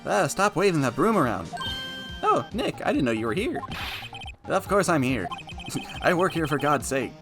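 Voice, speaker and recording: A man's voice: fairly high pitch, very animated, moderate pace. A man doing a dramatic reading of a video game, with wry, playful asides, over game music. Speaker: reader voicing a game.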